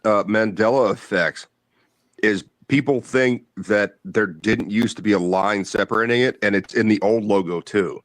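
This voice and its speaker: Low-voiced man dropping casual trivia. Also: moderate pace, no room sound. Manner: laid-back, chiming in with trivia. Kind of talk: casual chat.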